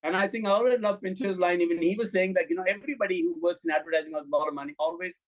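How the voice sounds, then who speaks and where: The recording is low quality, and the voice is high and racing: a middle-aged film director, guesting on an interview, rattles off animated, unfiltered anecdotes. He swears bluntly and acts out each bit of dialogue.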